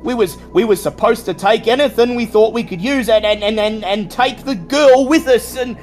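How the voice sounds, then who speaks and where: A man's voice: high voice, normal speed, darkish tone, pitched above the performer's own voice, close to an everyday voice. Old man stammering in terror, a man putting him on, voice shoots way up, faint music behind. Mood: panicked. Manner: stammering, pleading, panicked.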